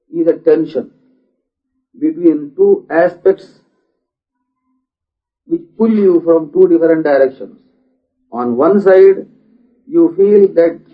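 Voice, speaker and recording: A man giving a philosophical lecture, deliberate in manner and asking many rhetorical questions. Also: a little high. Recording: dull lo-fi recording.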